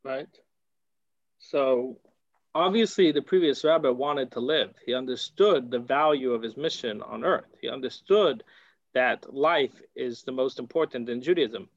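A man's voice: medium pitch, a little slow, dry recording, dull audio. An American man teaching a Torah class, talking in a conversational way and asking rhetorical questions.

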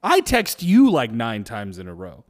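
A young man co-hosting a casual comedy podcast, animated and acting out quotes in exaggerated voices. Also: mid-range voice, a little slow. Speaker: podcast co-host.

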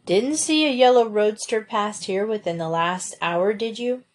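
A woman's voice: mid-range voice, measured pace, natural voice. A woman reading aloud, voicing a confident teenage boy detective in a storybook. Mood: eager. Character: teenage boy detective, eager and sure of himself.

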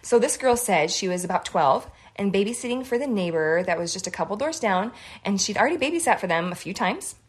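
Husky-voiced woman chatting casually. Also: mid-range voice, expressive, a little fast. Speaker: podcast co-host. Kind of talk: casual chat.

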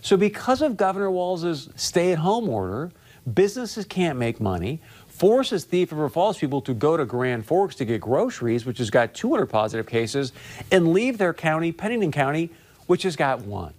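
A man's voice: on the high side, very animated, normal speed, darkish tone. A man hosting a political commentary show, talking straight to his audience with emphatic, repeated phrases. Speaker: talk show host.

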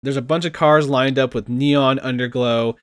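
A man's voice: medium pitch, normal speed, dry recording. Young guy laughing his way thru a movie recap, dry close sound. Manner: laughing, animated retelling with acted quotes. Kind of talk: casual movie recap chat.

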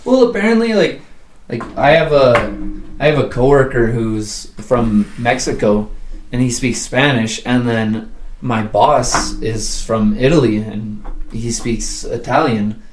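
A man's voice: medium pitch, unhurried, reverberant, a little hiss or hum. A man in an easygoing podcast conversation, his voice sitting in an ordinary middle register. He wanders through anecdotes, stacking "like" after "like" and laughing along the way. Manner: rambling, lots of "like", laughs while telling stories. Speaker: guest. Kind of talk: casual chat.

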